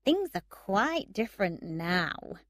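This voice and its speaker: A woman reading aloud and voicing a proud, sharp-tongued young woman, lifting her voice high and emphatic. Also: big pitch swings, takes it slowly, no echo. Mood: wistful.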